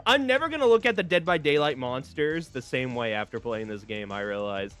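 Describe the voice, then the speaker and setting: A man streaming a dating game, reading it aloud with animated, laughing, rambling asides. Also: mid-range voice, a little fast, few pauses, smooth, soft background music. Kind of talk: casual gameplay commentary.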